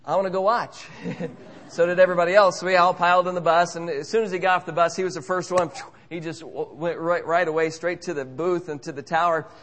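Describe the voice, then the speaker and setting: A man telling a humorous, self-mocking story as a preacher, in an animated way. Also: high voice, brisk. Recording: echoey hall.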